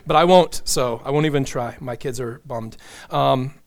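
A middle-aged man preaching a sermon, earnest and animated, with joking asides to the congregation. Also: medium pitch, normal speed, vocal fry. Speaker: pastor.

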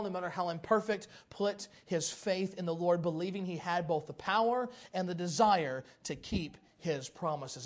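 Man, pastor, sermon, high voice, lively storytelling, quiet then loud. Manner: animated storytelling preacher, swings between quiet and loud.

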